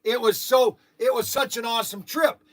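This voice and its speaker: A man hosting his channel from a workshop, chatting and telling stories excitedly with lots of exclamations and restarts. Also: extremely high pitch, normal speed. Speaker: channel host. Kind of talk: casual chat in the shop, partly on the phone.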